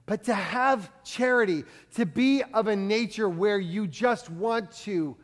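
A man preaching a sermon in a conversational way, swinging from loud to hushed. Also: high voice, slow pace, in a large hall. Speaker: pastor.

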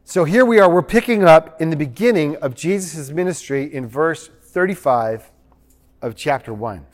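A man's voice: on the high side, expressive, moderate pace. A man preaching a sermon as pastor, chatty and joking, reading passages aloud. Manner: conversational and joking, reads quotes aloud. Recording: long hall reverb.

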